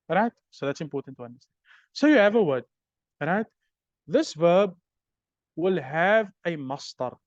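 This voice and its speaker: A man's voice: high-pitched, dry recording, highs cut off. A man teaching Arabic grammar in a recorded lecture, explaining step by step and often checking understanding with "right?".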